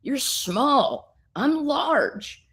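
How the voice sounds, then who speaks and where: A woman voicing a huge alien woman who speaks slowly, softly and haltingly. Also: high voice, big pitch swings, voice pushed up, exaggerated voice. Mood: hesitant. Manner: slow, soft, halting.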